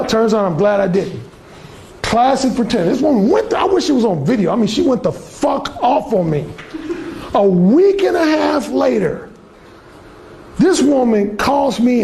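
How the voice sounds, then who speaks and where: A man's voice: sits high, gravelly, darkish tone. A man coaching a class on dating through bold, profane, swaggering stories. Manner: bold, blunt, swaggering, lots of cursing. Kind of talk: profane storytelling lecture.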